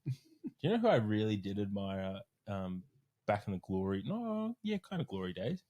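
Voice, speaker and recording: A man with a low, slightly deep voice chats loosely on a podcast. He tells stories with lively energy, tossing in a swear word here and there, and sounds like a strength coach talking shop with friends. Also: moderate pace, highs cut off. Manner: animated storyteller, swears freely. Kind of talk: casual podcast chat.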